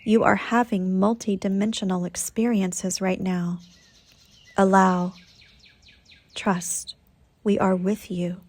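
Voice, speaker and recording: A woman voicing a group of calm, reassuring spirit beings in a soothing, measured way. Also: medium pitch.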